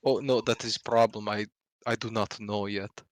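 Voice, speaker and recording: A man's voice: on the low side, fairly even intonation, moderate pace, no room sound, natural voice. A man voicing a large, earnest male mountain dweller who talks in broken, stilted English.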